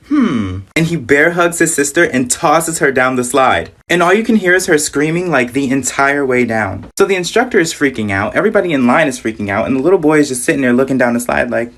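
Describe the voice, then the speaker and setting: A woman telling funny personal stories in a sassy, animated way, acting out the people in them. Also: extremely low pitch. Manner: sassy, animated, acts out quoted voices. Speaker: storyteller. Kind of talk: casual storytime narration.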